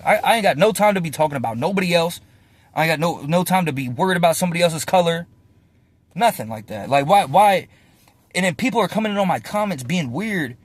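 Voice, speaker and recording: A man's voice: on the high side, dry recording. A man in his twenties, ranting casually and profanely to the camera from inside a parked car, tossing in slang and "bro". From United States. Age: 20s. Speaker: vlogger.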